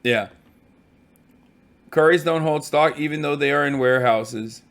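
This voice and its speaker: A tired man streaming from a hotel room, telling stories in a casual, profane, animated way. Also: a little high, unhurried, creaky. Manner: profane, animated storytelling with mock quotes.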